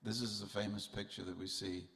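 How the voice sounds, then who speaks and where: A man's voice: lowish voice, little pitch movement, fairly quick, vocal fry, fairly bright tone. A man giving a festival sermon in a temple hall, telling humorous stories and speaking straight to his audience. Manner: humorous storytelling, addresses the audience directly.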